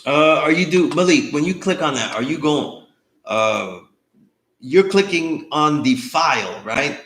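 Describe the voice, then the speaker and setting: A man's voice: a little high, expressive, measured pace, a bit bright, roomy sound. A man instructing an online course, lecturing in a loose conversational way and often checking in with his students. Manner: conversational, loose, often asks "you know what I mean?".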